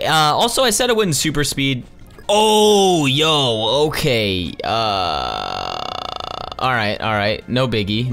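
In casual let's-play commentary, a young gaming channel host jokes around in slang, makes sarcastic asides, and calls everyone dude. He speaks at a medium pitch with a pushed, bright quality.

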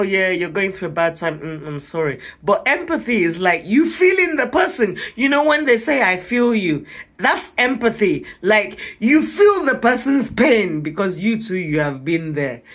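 Woman, emotional confessional vlog; wide pitch swings, repetitive pleading, sudden shouts. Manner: impassioned, swinging from low murmurs to shouted cries; repeats phrases, prayerful pleading. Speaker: vlogger. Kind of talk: emotional prayer and confession to camera.

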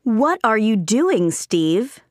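A woman's voice: fairly high pitch, very animated, slow, no room sound, clean studio sound. A woman playing a mother in a scripted dialogue for an English course, asking questions in a surprised way.

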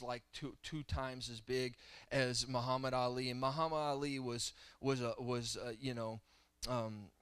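Speaking from a church sanctuary, a male guest preacher in his thirties narrates stories and climbs toward fervent exhortation. His medium-pitched voice is a bit bright, clear and resonant, and the recording has no echo.

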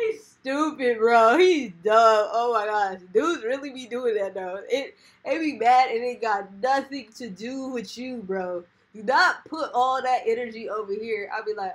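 A woman's voice: fairly high pitch, a little slow. A woman hosting a reaction video, commenting casually in slang and laughing often.

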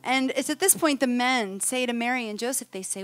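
A woman's voice: fairly high pitch, a little fast, few pauses, dry recording, faint music behind. A woman speaker telling a humorous story to a live audience, acting out voices as she goes. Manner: animated, humorous, acts out voices. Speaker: conference speaker.

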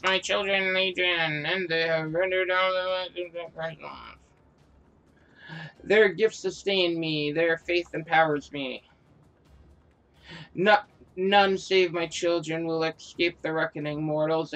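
A man reading out the lines of an imperious female wind spirit from a video game who demands worship, in a grand, deliberate way. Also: a little high, a bit bright, rough recording. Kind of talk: reading game dialogue aloud.

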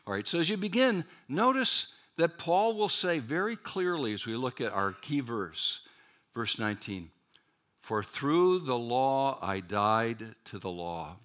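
A man preaching a chapel sermon at a seminary, lively and dramatic, with rhetorical questions and wry asides to his listeners. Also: medium pitch, measured pace.

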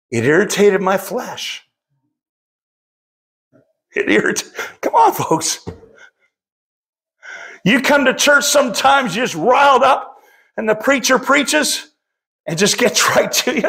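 A man's voice: high voice, creaky, fairly bright tone. A middle-aged man preaching a sermon as pastor, impassioned and often calling out to the congregation.

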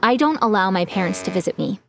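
A woman's voice: medium pitch, animated, fast, gravelly, a little hiss or hum. A woman giving an earnest, emotional first-person story narration.

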